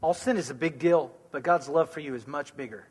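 A man with a notably high voice answers questions from the pulpit. He reassures his listeners, circling back to the same phrases. A long hall reverb hangs on the sound. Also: fairly quick, husky. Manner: warm, reassuring, repeats key phrases. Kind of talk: conversational preaching.

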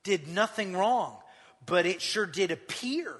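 A man preaching a sermon, retelling scripture with lively acted-out quotes. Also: high voice, takes it slowly, breathy edge, in a large hall. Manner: animated storytelling, acting out quotes. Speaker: pastor.

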